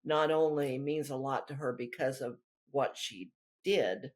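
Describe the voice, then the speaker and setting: A woman's voice: rumbling low, measured pace. A woman author talking through her work in a rambling, chatty way during an interview. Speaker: author guest. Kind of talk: casual interview chat.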